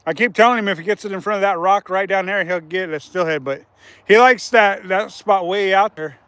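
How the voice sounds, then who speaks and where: Chatty high-voiced man hosting a livestream. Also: brisk, a bit bright, smooth, dry recording. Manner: chatty, laughs often, greets viewers. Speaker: fishing livestream host. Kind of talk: casual livestream chat. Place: outdoors on a river bank.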